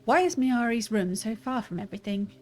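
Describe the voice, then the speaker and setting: A woman reading aloud the lines of a spirited young woman scholar, brisk and sharp-tongued. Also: on the high side, lively intonation, soft background music, natural voice. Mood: brusque. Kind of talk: reading game dialogue aloud.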